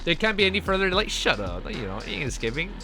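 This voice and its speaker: An excitable young man reads a story aloud on his reaction stream, his high voice leaping all over the place. He keeps cutting in with slangy outbursts. His tone is bright and sharp, with faint music underneath. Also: quick pace. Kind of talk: reading a web novel aloud and reacting.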